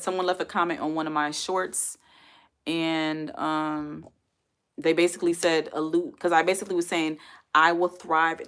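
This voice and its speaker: A woman's voice: on the low side, a bit bright. A woman chatting casually on her livestream, rambling and reading viewer comments aloud. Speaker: livestream host. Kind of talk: casual live-stream chat.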